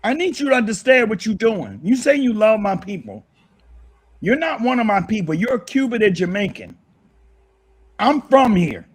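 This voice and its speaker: Heated husky man. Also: high voice, big pitch swings, normal speed. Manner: heated, repetitive, emphatic. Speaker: guest. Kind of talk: impassioned livestream callout.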